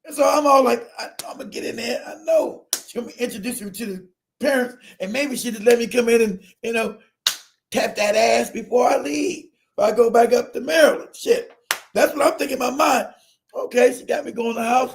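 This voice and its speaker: A middle-aged man telling a personal story in a casual, profane, animated way, acting out quotes and laughing often. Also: very high voice, brisk, creaky, a little hiss or hum.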